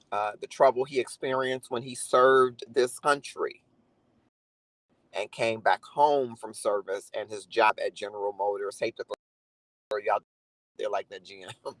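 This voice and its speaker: On a live stream, a man with a medium-pitched voice speaks earnestly and reflectively to his viewers, greeting commenters by name. The recording is rough but has no echo, and the talk is a casual live chat.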